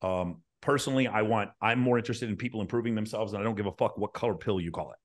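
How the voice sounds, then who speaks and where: Low-voiced guy coaching dating, swears a lot, gets animated making a point. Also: quick pace. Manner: blunt, profane, animated when making a point. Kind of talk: heated panel discussion.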